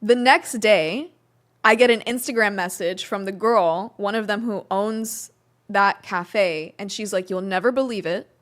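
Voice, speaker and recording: A woman's voice: mid-range voice, measured pace, fairly bright tone. A young woman, a podcast guest, telling a story in a casual interview, acting out quotes and using many "like" fillers.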